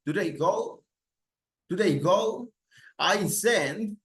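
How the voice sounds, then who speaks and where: A man's voice: high-pitched, animated, very slow, a bit bright. A man teaching English grammar to Spanish speakers, repeating example questions with rising intonation and switching between English and Spanish. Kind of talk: slow recorded grammar lesson.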